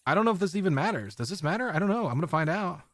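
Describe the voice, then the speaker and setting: A man giving casual running commentary as he plays a video game, talking to his viewers and often bursting into excited exclamations. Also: high voice, rapid-fire, no echo. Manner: excitable, squeals often, chatty. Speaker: game streamer.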